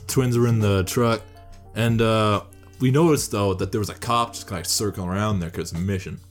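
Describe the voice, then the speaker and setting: A man's voice: fairly low pitch, fairly quick, soft background music. A young man, a rapper guesting on a podcast, telling a story in casual, profane speech and acting out other people's lines.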